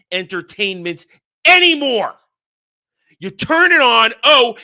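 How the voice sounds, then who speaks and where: A man hosting his own channel delivers a fired-up commentary rant in a fairly high, very bright, cutting voice. He hammers single words for emphasis and slips into mocking quoted voices between crude insults. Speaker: host. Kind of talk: ranting commentary monologue.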